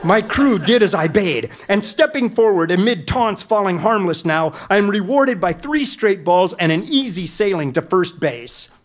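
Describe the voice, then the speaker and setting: A man's voice: high-pitched, expressive, moderate pace, few pauses. A middle-aged man telling a comic story in a grand, mock-epic manner. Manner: mock-epic, dramatic delivery.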